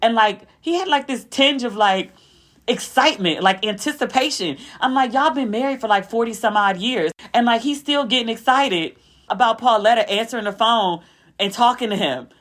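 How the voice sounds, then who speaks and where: A woman's voice: normal speed, fairly bright tone. A young adult woman hosting a podcast, telling stories in a casual chat and raising her voice to act out what people said. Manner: chatty storytelling, acting out quotes with a raised pitch. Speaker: podcast host.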